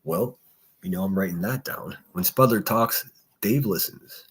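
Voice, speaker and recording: Husky, blunt livestream host, a man. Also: on the low side, measured pace. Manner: blunt, profane, rambling. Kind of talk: casual solo commentary reading chat.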